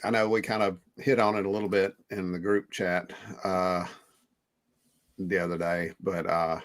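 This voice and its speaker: A man co-hosting a podcast, talking about movie trailers with enthusiastic, rambling fan excitement. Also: sits low, moderate pace. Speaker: podcast co-host.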